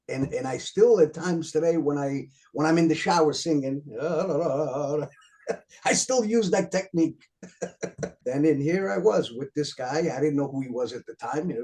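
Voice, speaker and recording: A man in his fifties with a New York accent tells stories in a rambling way, full of fillers and restarts. His voice is fairly high for a man, with a mellow, relaxed tone. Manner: rambling, frequent fillers and repeated words, chuckles often. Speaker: author guest. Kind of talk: casual storytelling interview.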